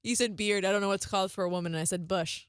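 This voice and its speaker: A woman of middle pitch throws in teasing, dry quips during a casual chat. Clear noise sits behind her voice. Her remarks come short and offhand. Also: fairly even intonation, very fast. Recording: noisy background.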